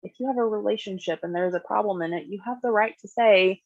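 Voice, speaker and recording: Speaking fast at a medium pitch, a woman therapist teaches a skills class conversationally, acting out example dialogue in lively voices. The recording is dull, dry, and lo-fi, with no room sound.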